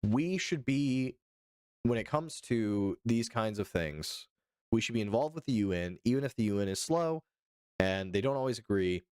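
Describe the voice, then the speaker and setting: A man's voice: mid-range voice, animated, moderate pace, darkish tone, clean tone, no room sound, clean studio sound. A young man from Arizona hosting a casual political livestream, chatting with viewers and reading articles aloud with loose, profane asides. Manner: loose, profane, chatty, answers chat by name.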